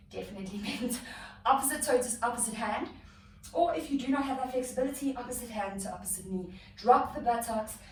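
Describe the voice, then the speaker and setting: A woman's voice: medium pitch, a little mellow, slight background noise. Breathless female yoga instructor, encouraging, counts reps; very echoey room, distant mic. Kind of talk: guided workout instruction.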